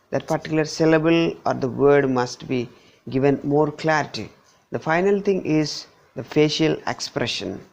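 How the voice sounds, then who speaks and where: A middle-aged man with an Indian English accent teaching a pronunciation lesson, repeating words slowly with exaggerated stress. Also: fairly high pitch, gravelly, a little mellow. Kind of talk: slide-based pronunciation lesson.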